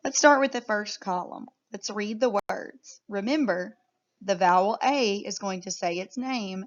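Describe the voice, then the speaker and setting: A woman teaching a phonics lesson to young children, sounding out words clearly and praising often. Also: mid-range voice, normal speed, dull audio.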